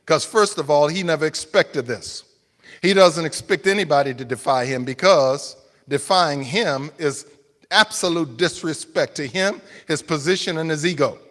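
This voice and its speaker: A man preaching a sermon, emphatic and rhetorical, swinging between loud appeals and hushed explanation. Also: fairly high pitch, long reverb tail.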